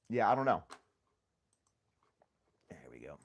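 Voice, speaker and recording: A man hosting a casual livestream chat, rambling and joking, laughing often at himself. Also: medium pitch. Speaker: host.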